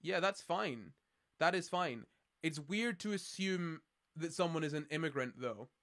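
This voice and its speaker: A man's voice: on the high side, expressive, a little slow, a bit bright. A man from Scotland with a Scottish accent, chatting casually on a live stream in a rambling, sardonic way. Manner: rambling, sardonic, many restarts and fillers. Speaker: streamer answering chat.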